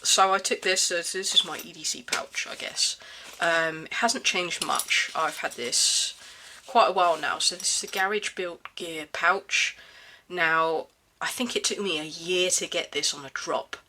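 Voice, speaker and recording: A vlogger showing off a pouch in a casual show-and-tell, slightly hoarse from hay fever and pausing often with ums and restarts. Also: medium pitch, bright, forceful tone, a little hiss or hum. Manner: hesitant, many ums and restarts. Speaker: everyday-carry gear reviewer.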